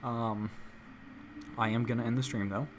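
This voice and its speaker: A man's voice: mid-range voice, fairly even intonation, normal speed, background noise. A man hosting a live stream in casual chat, rambling and making self-mocking jokes. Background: music playing.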